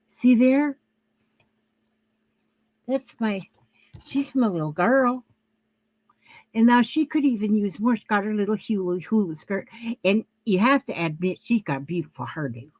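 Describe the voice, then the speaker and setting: A woman's voice: medium pitch, lively intonation, normal speed, no room sound. An older woman talking casually to camera at home while she shows her handmade crafts, rambling and homey, with lots of fillers and restarts.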